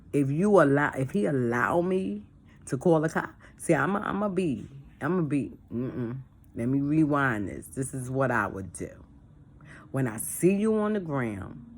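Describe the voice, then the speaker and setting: A slightly rough woman's voice that sits low. She's from a church and leads a discussion in easygoing, simple language, restating her points and acting out phone conversations and exchanges with lively energy.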